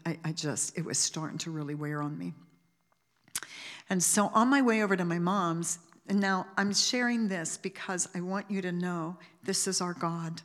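A woman gives a heartfelt memorial tribute in a lowish voice. She talks in a halting, rambling way, with many restarts and fillers. The sound carries the long reverb of a large hall. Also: fairly bright tone. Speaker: family member giving a eulogy.

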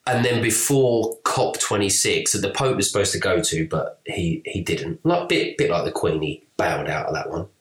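A man co-hosting a podcast, speaking casually and with energy. His voice sits low, and he swears and laughs often. The sound is roomy and echoing. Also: moderate pace, hardly any pauses. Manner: animated, swearing, laughing, reads quotes aloud. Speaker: podcast co-host. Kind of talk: casual conspiracy podcast chat.

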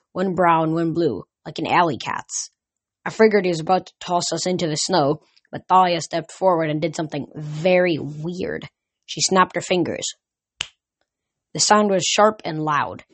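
Brief: relaxed amateur story reader, even middle pitch, dry close mic. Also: dry recording. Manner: casual, with slips and restarts. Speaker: audiobook reader. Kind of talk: first-person story reading.

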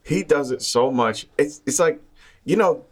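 A man co-hosting a casual film review chat, talking in a halting, thoughtful way with many restarts. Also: fairly high pitch, lively intonation. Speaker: film podcast co-host.

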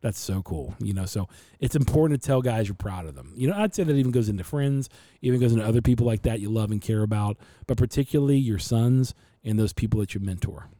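Mellow-voiced man telling stories on a podcast. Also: fairly low pitch, quick pace, dry recording. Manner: animated storyteller who acts out his dad's voice. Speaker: podcast host. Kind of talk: casual storytelling chat.

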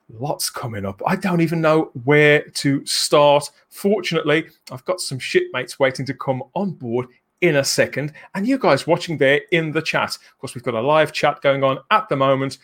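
A man's voice: on the high side, normal speed, a bit bright. A man from England hosting a live-streamed chat show in a jokey way, chuckling between phrases. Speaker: host.

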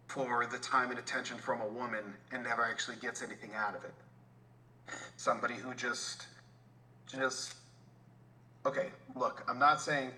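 A man chats on a podcast, stumbling over his words and repeating them before rushing ahead. His tone is bright and forceful, and his voice sits at an ordinary pitch for a man. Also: rough recording. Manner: halting, repeats words, fast bursts. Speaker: podcast co-host. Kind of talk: casual chat.

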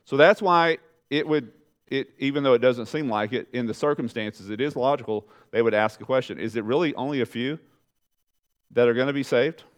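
Preacher guy giving a sermon, chatty with the congregation, goes loud then drops real low and quiet. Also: fairly quick. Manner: animated preaching, rising loud on questions and dropping low and soft for emphasis; conversational, talks straight to the congregation. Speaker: pastor.

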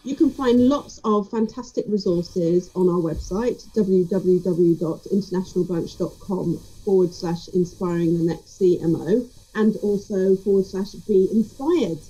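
Woman, podcast host, husky breathy tone, upbeat, welcoming, remote interview. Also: medium pitch, unhurried, hardly any pauses, warm tone, muffled recording, soft background music. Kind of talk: scripted podcast intro then casual interview chat.

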